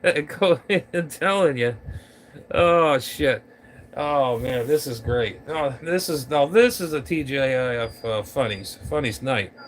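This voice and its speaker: Ranting about ham radio to a tripod-mounted camera at home, a man with acting-up allergies rambles and stumbles over his words. His mid-range voice moves slowly, with slight background noise.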